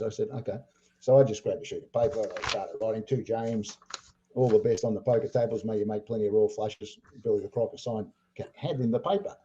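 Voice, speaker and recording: An older Australian man, a poker player, telling animated anecdotes full of acted-out quotes. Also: medium pitch, lo-fi sound. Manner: animated storyteller acting out quotes, laughing. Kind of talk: storytelling anecdotes.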